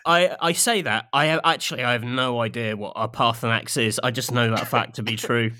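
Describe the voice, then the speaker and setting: A man co-hosting a podcast, chatting in a dry, self-mocking way. His voice sits at a middle pitch, and he laughs often at his own stories. He sounds relaxed and unhurried. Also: no room sound. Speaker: podcast co-host. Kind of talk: casual chat.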